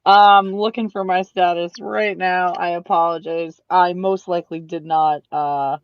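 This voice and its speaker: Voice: mid-range voice, steady tone, measured pace, clear, resonant tone. A tabletop player chatting casually about dice rolls. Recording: dull lo-fi audio.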